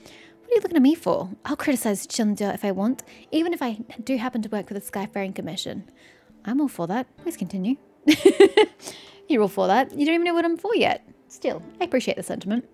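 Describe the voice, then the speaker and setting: A woman's voice: on the high side, sing-song, brisk, a little mellow, breathy edge, soft background music. A woman hosting a game playthrough, chatting casually and musing aloud as she plays. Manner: chatty, musing, self-questioning. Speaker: let's-play host.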